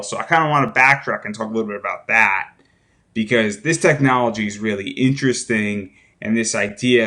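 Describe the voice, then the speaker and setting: A man with a fairly low voice hosts a relaxed interview. He rambles and thinks out loud, circling back and restarting his sentences as he goes. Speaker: podcast host. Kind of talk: casual interview chat.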